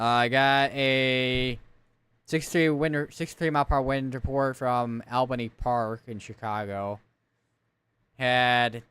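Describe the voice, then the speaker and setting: A man's voice: medium pitch, a bit bright, smooth. A man giving live severe weather coverage, reading out storm reports and town lists and correcting himself as he goes. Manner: thinks aloud, reads town lists, corrects himself often.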